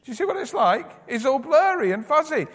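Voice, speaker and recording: Animated man giving a children's talk. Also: extremely high pitch, brisk. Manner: animated, asks children questions. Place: church. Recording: echoey church hall.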